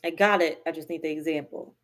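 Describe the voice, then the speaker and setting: A woman's voice: sits low, fairly even intonation, fast, a bit bright. A woman giving a live tarot reading, blunt and profane, hammering her points by repeating them. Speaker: tarot reader.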